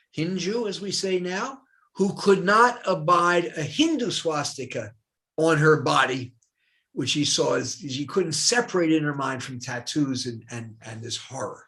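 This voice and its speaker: A man's voice: fairly high pitch, unhurried. An older man, a retired professor from the United States, telling personal stories in a conversation and acting out the voices he quotes. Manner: animated, acts out quoted voices. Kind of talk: storytelling in a dialogue.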